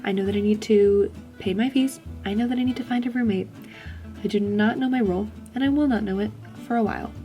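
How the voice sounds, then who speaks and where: A woman's voice: medium pitch, quick pace, dark tone, faint music behind. A woman in her twenties chatting casually to camera in a vlog, full of "um" and "like" fillers. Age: 20s. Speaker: vlogger. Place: school during lunch break.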